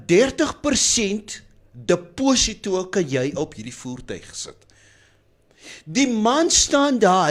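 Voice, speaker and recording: High, lively man storyteller. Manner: animated, laughing, switching between Afrikaans and English. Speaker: radio co-host. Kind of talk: casual radio chat, storytelling. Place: radio studio.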